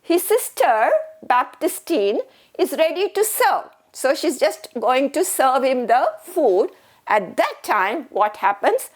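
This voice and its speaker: A woman's voice: high voice, big pitch swings, takes it slowly. A woman teacher, explaining a story patiently, repeating herself and asking questions. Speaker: English teacher. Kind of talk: recorded classroom lesson.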